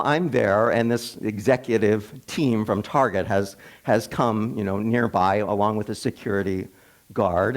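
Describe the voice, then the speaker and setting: Man preaching a storytelling sermon. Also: fairly low pitch. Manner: conversational, restarts and repeats words, occasional laughs. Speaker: minister. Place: church sanctuary.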